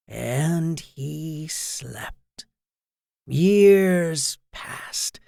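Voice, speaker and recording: A storyteller reading a fairy tale aloud softly and soothingly, as a bedtime story. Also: medium pitch, creaky, no echo, studio quality.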